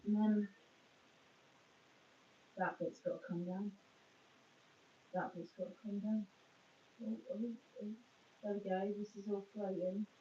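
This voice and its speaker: Slow rambling woman on a live stream. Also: mid-range voice, level tone, slight background noise. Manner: rambling, chatty, self-mocking. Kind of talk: casual live-stream chat. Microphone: phone. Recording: dull, echoey, far from phone mic.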